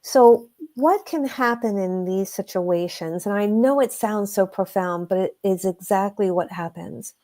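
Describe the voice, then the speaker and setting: A woman guest, an energy healer, telling stories in a conversational way, earnest and emphatic, slowing down to stress her points. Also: medium pitch, warm tone. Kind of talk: conversational storytelling.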